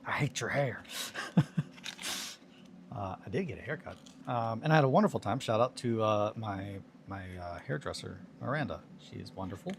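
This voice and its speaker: Man, low voice, casual rambling chat, self-deprecating, crafting on a hobby livestream, audible background noise. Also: lively intonation, normal speed, creaky.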